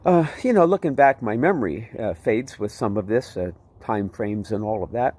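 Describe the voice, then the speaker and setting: A man telling his personal testimony in a vivid, animated way, often repeating himself. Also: on the low side, normal speed, breathy edge. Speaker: testimony speaker.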